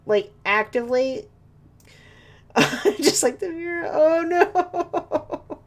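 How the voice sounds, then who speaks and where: Streaming a video game from home, a woman chats and jokes with her viewers and her dog, laughing often. Her high, animated voice is extremely slow and is picked up by a desk mic with a webcam.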